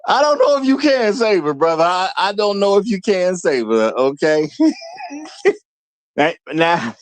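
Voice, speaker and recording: Male host of a live commentary show, high voice, laughs often, repeats for emphasis. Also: expressive, unhurried, no echo.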